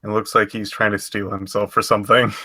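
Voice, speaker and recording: A man's voice: lowish voice, steady tone, moderate pace, bright, forceful tone, no room sound. A man in a tabletop role-play session, speaking earnestly and with concern, partly in character. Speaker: player voicing Patrick.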